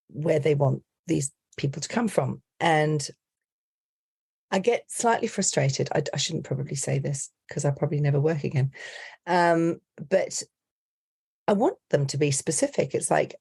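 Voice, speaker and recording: A middle-aged woman, a coach, chatting on a podcast in a lively storytelling way. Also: sits low, a little slow, gravelly, breathy edge. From Britain. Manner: chatty, animated storyteller who slips into accent impressions. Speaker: accent and dialect coach, guest. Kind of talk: casual podcast chat.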